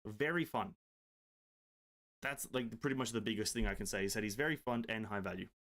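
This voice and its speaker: A man's voice: fairly low pitch, fairly quick, fairly bright tone. A man streaming games from his home desk, chatting casually, answering viewers and joking around with the odd swear word. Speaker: gaming streamer. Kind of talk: casual live-stream chat.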